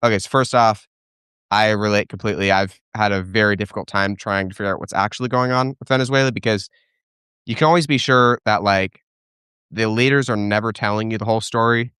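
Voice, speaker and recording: A man's voice: lowish voice, fairly even intonation, brisk, fairly bright tone, clear, resonant tone, no echo, clean studio sound. A young man hosting a live question-and-answer stream, giving opinionated answers as he thinks aloud, with restarts and fillers. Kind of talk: casual live-stream commentary.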